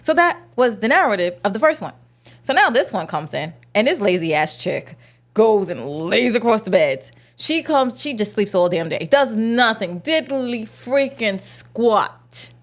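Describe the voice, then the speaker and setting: A young adult woman ranting casually about a movie, sarcastic and slangy, mocking the characters in exaggerated voices. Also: mid-range voice. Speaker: movie reviewer. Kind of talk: casual vlog rant.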